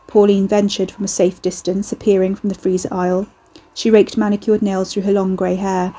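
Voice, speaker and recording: A woman reading a novel aloud in steady scripted narration. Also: medium pitch, brisk, low-quality recording. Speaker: audiobook narrator.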